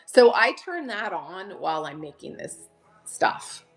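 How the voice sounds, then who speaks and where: A middle-aged woman hosting a chatty live selling stream, bubbly and greeting viewers by name with excited gasps. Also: mid-range voice, measured pace, faint music behind.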